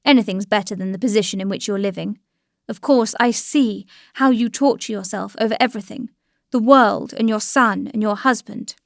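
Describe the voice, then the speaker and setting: A woman reading the lines of a resolute young male officer in a quiet, persuasive tone. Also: mid-range voice, moderate pace, vocal fry, dry recording, studio quality, close to an everyday voice. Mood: earnest. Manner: quiet, earnest pleading.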